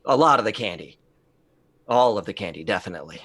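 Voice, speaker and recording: A man's voice: fairly low pitch, expressive, quick pace, fairly bright tone. A man voicing a small scheming male robot creature who mutters and rambles about candy.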